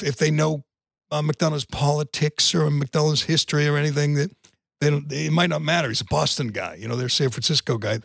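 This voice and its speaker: Man, podcast co-host, gravelly voice, emphatic and indignant, dry close mic. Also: medium pitch, a bit bright, no room sound. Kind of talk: opinionated casual chat.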